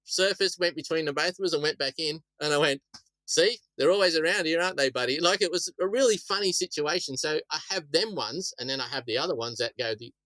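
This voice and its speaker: A man's voice: on the high side, quick pace, few pauses, sharp tone, no room sound, rough recording. A middle-aged Australian man, a shark attack survivor, telling stories casually in a rambling way, often repeating words. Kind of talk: casual storytelling interview.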